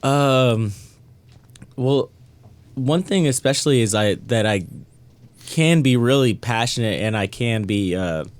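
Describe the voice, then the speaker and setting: A man's voice: mid-range voice, animated, takes it slowly, long pauses, clear, resonant tone. Male podcast guest from North Texas, easygoing, foul-mouthed storyteller who acts out quotes. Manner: laid-back, swears freely, acts out quotes. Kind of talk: casual podcast chat.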